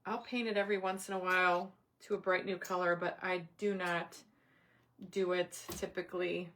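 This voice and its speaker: Through a desk-mounted camera mic, a middle-aged woman chats with her craft livestream viewers by name, muttering under her breath as she focuses on her work. She speaks at a normal speed in a lowish, fairly bright voice with little pitch movement.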